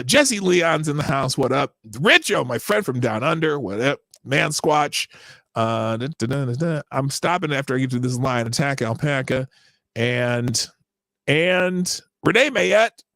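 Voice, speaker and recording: Male live-stream host, animated rambling delivery, dry sound. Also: mid-range voice, a little slow, no room sound. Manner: animated, rambling, laughs often. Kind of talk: casual live-stream chat, greeting viewers.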